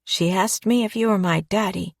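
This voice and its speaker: A woman doing a cold, flat-voiced little girl. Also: mid-range voice, normal speed, vocal fry, dry recording, studio quality. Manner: flat, emotionless. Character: cold, unemotional young girl.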